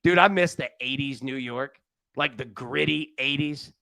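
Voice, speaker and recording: A man's voice: mid-range voice, a little slow, gravelly, sharp tone, no room sound. A man hosting a live sports betting show, rambling and joking with frequent restarts. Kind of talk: casual live show chat. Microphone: studio mic on a live stream.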